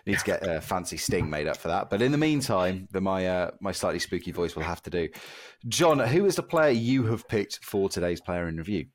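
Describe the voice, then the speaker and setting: A man co-hosting a gaming podcast, talking in a casual, self-deprecating way. His voice sits very low and steady. He chats easily with his co-host about his matches. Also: a little fast. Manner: chatty, self-deprecating, reads sponsor spots.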